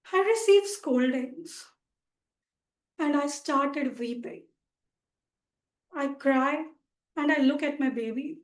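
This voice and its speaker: A woman in her twenties with an Indian accent giving a humorous contest speech over a video call, playful and dramatic in her storytelling. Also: high-pitched. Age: 20s. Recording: roomy echo on a video call.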